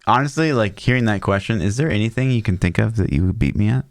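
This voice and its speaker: Animated, foul-mouthed man on a gaming podcast. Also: fairly low pitch, fast, dry recording, studio quality. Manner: animated, swears a lot, joking. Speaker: podcast co-host. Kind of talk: casual gaming chat.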